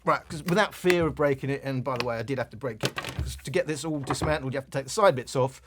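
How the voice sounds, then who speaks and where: A man's voice: medium pitch, quick pace, noisy background. A man from London with a Cockney accent, talking casually and bluntly as he reviews a speaker, with plenty of digressions. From England, London. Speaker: tech reviewer.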